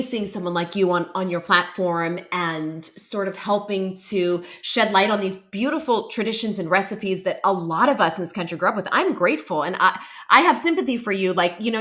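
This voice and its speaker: A woman's voice: mid-range voice, fairly bright tone. A woman hosting a podcast, talking earnestly and supportively in a casual interview. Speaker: podcast host.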